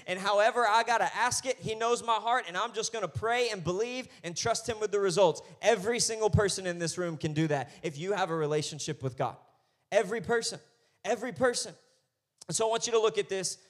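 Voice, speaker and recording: A man preaching a sermon as pastor, swinging between quiet asides and loud, emphatic lines. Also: sits high.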